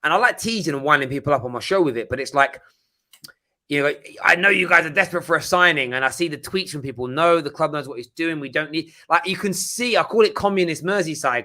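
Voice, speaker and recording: Bright-voiced animated English man. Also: on the high side. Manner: animated, quick-talking, lots of restarts. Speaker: podcast guest, rival club fan. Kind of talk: casual chat.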